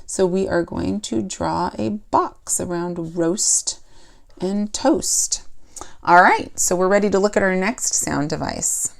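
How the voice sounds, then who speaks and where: A woman's voice: lowish voice, slow, gravelly. A woman teaching a poetry lesson for children, explaining step by step and asking the class questions.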